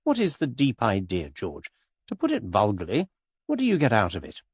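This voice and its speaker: A man reading an audiobook, voicing a witty young English society woman in an airy, teasing, quietly amused manner. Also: lowish voice, huge pitch swings, moderate pace, husky, dry recording, studio quality, exaggerated voice.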